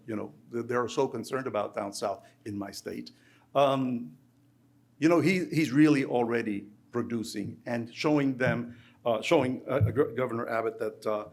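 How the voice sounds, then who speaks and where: A male academic delivers a talk to a lecture room. His voice sits at an ordinary middle pitch, and he often falters, repeating words and restarting sentences as he goes. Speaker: academic researcher giving a talk.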